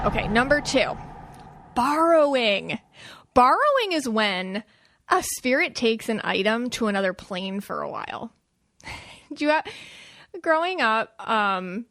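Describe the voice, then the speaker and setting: A young adult woman hosting a podcast, telling stories in a chatty, animated way and jumping up high when she quotes people. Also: dry recording, studio quality. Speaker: podcast host. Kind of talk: casual podcast talk.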